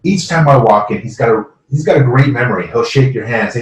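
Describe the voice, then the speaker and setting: A man's voice: medium pitch, fairly quick, hardly any pauses, echoey room, recorded from a distance, rough recording. A man hosting a podcast, friendly and agreeable, laughing along with his guest. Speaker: podcast host. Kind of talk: casual conversation.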